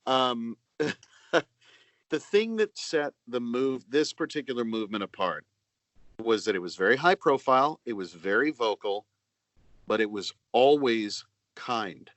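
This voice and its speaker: A middle-aged man, an actor and narrator, giving measured, earnest answers over a video call, pausing often. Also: medium pitch, lively intonation, fairly bright tone, dry recording. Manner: earnest, measured, with many pauses and fillers. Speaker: actor and audiobook narrator, interview guest. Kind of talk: reflective interview answers.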